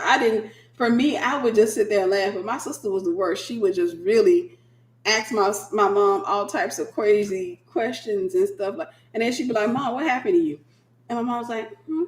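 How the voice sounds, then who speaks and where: A woman minister hosting a casual late-night livestream, a sleepy, animated storyteller. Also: mid-range voice, brisk, echoey room. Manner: animated storyteller who acts out quoted voices.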